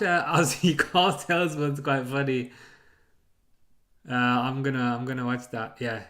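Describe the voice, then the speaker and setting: A man's voice: mid-range voice, steady tone, a little slow, long pauses, pushed and bright. A man hosting a live football watchalong, chatting casually, rambling and chuckling as he reads out chat messages.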